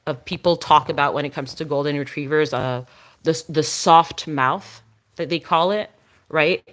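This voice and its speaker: A woman's voice: sits low, a bit bright. A woman chatting on a casual live stream, explaining dog breeds to viewers and cooing at her dog between remarks.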